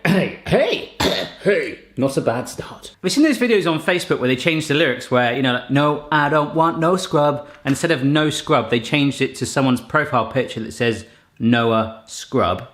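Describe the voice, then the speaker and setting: A man, testing kitchen gadgets at home in casual chat and often bursting into excited exclamations. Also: mid-range voice, roomy sound.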